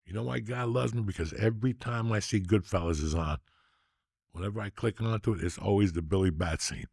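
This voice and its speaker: A man hosting a podcast, telling stories in a loose, profane, excitable way. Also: on the low side, brisk, creaky, slightly rough, no echo, studio quality. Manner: profane, excitable, animated storyteller. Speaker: podcast host. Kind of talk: casual storytelling chat.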